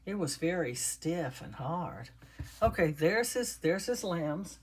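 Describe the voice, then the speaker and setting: A woman's voice: lowish voice, sing-song, slow, darkish tone, breathy edge. An older woman chatting casually as she stuffs and assembles a handmade doll, talking to her viewers while she works. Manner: chatty, talks while working with her hands. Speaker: doll maker. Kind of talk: casual crafting vlog.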